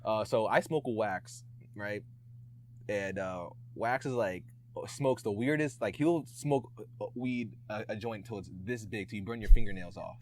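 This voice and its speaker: A young adult man, a guest on a podcast, telling stories in an animated, slangy way and acting out what people said. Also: on the low side, unhurried, a little hiss or hum. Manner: animated, acts out quotes, slangy. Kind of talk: casual storytelling chat.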